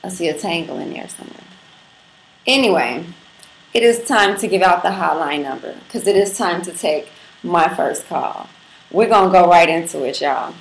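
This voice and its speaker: An animated, creaky, lowish voice at a moderate pace belongs to this Brooklyn livestream host. Brash, playful and profane, she addresses her viewers straight on, the echoey apartment room carrying faint background noise.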